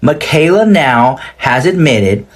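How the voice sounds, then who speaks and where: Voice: medium pitch, big pitch swings, slow pace. Assertive, explanatory commentator. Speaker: social media commentator.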